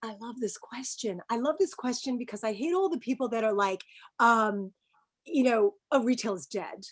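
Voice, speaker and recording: As a business guest on a webinar interview, a middle-aged woman with a slightly high voice makes her points forcefully, with animation and easy laughs.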